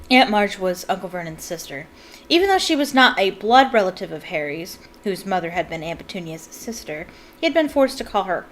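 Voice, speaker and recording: A woman's voice: fairly low pitch, sing-song, a little fast, fairly bright tone, slight background noise, low-quality recording. A woman reading a novel aloud and breaking off for chatty asides of her own. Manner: chatty asides between narrated passages. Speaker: book reader.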